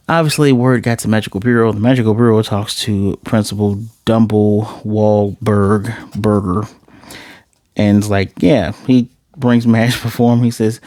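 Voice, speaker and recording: A man reviewing an anime episode, recapping the plot in a casual, animated way. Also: fairly low pitch, normal speed, no room sound, studio quality. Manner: animated, chatty storytelling.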